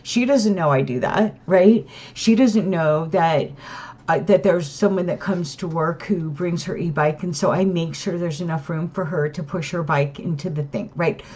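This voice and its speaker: Speaking at a moderate pace in a fairly low, husky, darkish voice, a tired vlogger vents to her camera at home in a casual monologue. She rambles, restarts often and keeps tagging on "right?" The sound quality is dull and lo-fi.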